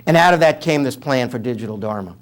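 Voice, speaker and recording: A man's voice: mid-range voice, expressive, fast talker. A man in his seventies with a New York accent, telling humorous stories as an interview guest. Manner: humorous storyteller, conversational with fillers. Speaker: author and guest speaker. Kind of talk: interview talk, anecdotal.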